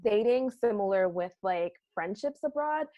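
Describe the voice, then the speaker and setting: A woman's voice: mid-range voice, expressive, moderate pace, mellow, no echo, dull audio. A woman from Canada, a guest on an interview, telling stories chattily with lots of "like" and laughter. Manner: chatty, laughs often, uses "like" a lot. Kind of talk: casual storytelling.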